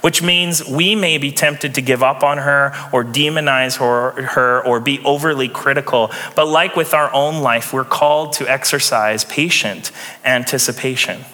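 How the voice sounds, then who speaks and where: Bright-voiced young pastor in a hall. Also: male voice, mid-range voice, moderate pace. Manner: conversational, chuckles often, light sarcasm. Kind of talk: sermon. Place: church sanctuary.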